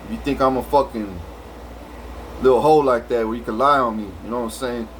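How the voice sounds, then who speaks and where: A man's voice: medium pitch, fairly even intonation, brisk, a little hiss or hum, poor audio. A man telling a rambling story full of swearing, restarts and filler. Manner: rambling, profane, many restarts. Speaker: vlogger.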